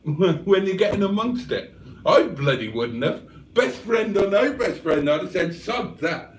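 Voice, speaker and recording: A man's voice: high-pitched, distant mic, a little hiss or hum. A man from England hosting a casual livestream, reading the chat aloud with cheeky banter. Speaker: livestream host.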